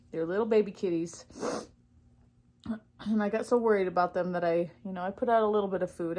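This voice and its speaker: A young woman with a medium-pitched, slightly mellow voice chats casually on her knitting vlog about crafting. She rambles, uses lots of fillers, and gets distracted easily.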